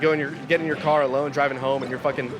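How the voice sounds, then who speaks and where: A man's voice: medium pitch, little pitch movement, rapid-fire. A man co-commentating a fighting game tournament, telling stories in a loose, profane way. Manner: profane, storytelling, loud impressions. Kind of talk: casual esports commentary.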